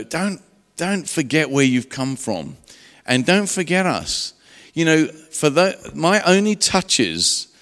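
A preacher shares his testimony in a loose, conversational way, doubling back on his words. His voice sits at an ordinary pitch for a man. The sound trails off with the long reverb of a big hall. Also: a bit bright. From England. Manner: conversational storytelling with restarts. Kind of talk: sermon testimony.

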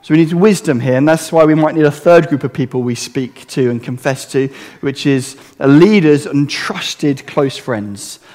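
A man's voice: on the high side, moderate pace, hardly any pauses, a little mellow. A man preaching a sermon in an earnest, conversational way, asking rhetorical questions of his congregation. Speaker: pastor. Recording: long hall reverb.

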